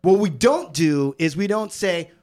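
A man's voice: sits high, expressive, unhurried, darkish tone. A man from the United States hosting a podcast, who chimes in with short remarks and then holds forth at length. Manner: interjects, then lectures at length. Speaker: podcast host. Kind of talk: casual chat.

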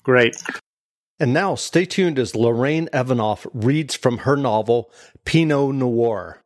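A man hosting an author interview, wrapping up in an upbeat, brisk way. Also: medium pitch. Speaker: interview host. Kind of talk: interview wrap-up.

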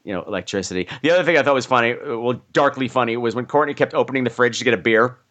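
A man hosting a casual, joking movie-review podcast, animated and quick to laugh. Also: mid-range voice, highs cut off. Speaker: podcast host.

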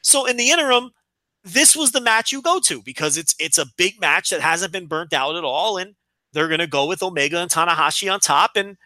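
A man's voice: high-pitched, lively intonation, fairly quick, sharp tone, no room sound. A man co-hosting a wrestling podcast, talking casually and repeating words as he gathers his thoughts. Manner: rambling, repeats words while thinking. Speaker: podcast co-host. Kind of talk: casual chat.

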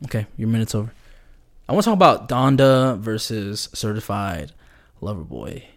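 A man's voice: fairly low pitch, expressive, normal speed. Rambling slangy man hosting a podcast. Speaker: podcast host. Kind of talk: casual solo podcast monologue.

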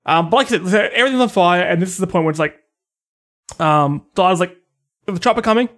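Teasing Australian podcast host. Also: male voice, high voice, animated, quick pace, fairly bright tone. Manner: teasing, jokey questions. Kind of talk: casual podcast chat.

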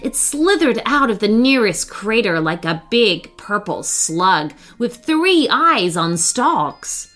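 A woman reading a children's bedtime story aloud, slow and expressive. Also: medium pitch, soft background music. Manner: slow, sing-song, expressive.

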